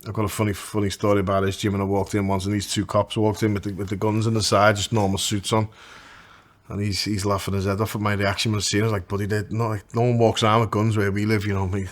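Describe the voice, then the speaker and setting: A man's voice: fairly low pitch, level tone, fast. A man hosting a casual chat, asking questions and telling joking stories in a rambling way. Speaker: podcast host.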